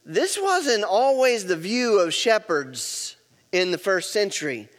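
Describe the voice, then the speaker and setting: A man's voice: sits high, big pitch swings, slow, a bit bright, in a large hall. A pastor preaching a sermon, emphatic and repeating key words, leading his congregation to say lines back.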